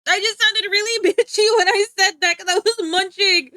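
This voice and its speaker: A woman's voice: very high-pitched, steady tone, moderate pace, sharp tone, no echo. A woman streaming live, chatting casually with her viewers, often giggling and talking back to chat. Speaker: livestreamer.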